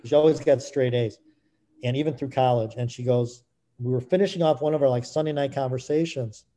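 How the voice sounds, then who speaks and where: A middle-aged man speaking candidly as an interview guest, halting with frequent restarts. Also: mid-range voice, steady tone, warm tone. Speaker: guest, author.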